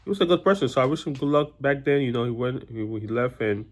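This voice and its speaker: A man's voice: medium pitch, lively intonation, fast. A young man vlogging casually about his own experiences, rambling with lots of restarts and fillers. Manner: rambling, many restarts and "you know" fillers. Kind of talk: casual personal storytelling to camera.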